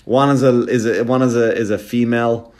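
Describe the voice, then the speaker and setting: A male comedian telling a story for laughs, swearing freely and often checking in with a quick question to the listener. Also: medium pitch. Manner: profane, animated, keeps checking in with the listener.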